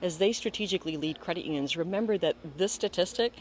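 A woman's voice: lowish voice, quick pace, slight background noise. A woman being interviewed, talking earnestly and stressing her points by repeating them. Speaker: interview guest, foundation leader. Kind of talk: conversational interview.

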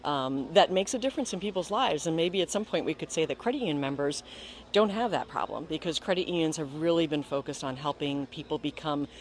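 A woman's voice: low-pitched, animated, a little fast, a little hiss or hum. A woman being interviewed, talking earnestly and stressing her points by repeating them. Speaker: interview guest, foundation leader. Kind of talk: conversational interview.

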